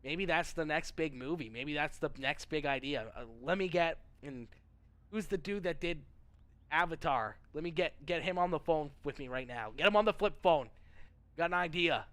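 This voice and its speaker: Rambling, joking male streamer, higher voice. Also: moderate pace, fairly bright tone. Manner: rambling, joking, repeats himself. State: feeling unwell. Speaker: livestreamer reading chat. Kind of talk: casual livestream chat.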